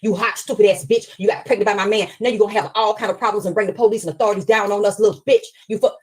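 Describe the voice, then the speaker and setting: A woman's voice: on the low side, fast, husky. A woman voicing a cruel, jealous adult woman who berates and curses at a girl. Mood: berating. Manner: harsh, loud, cursing.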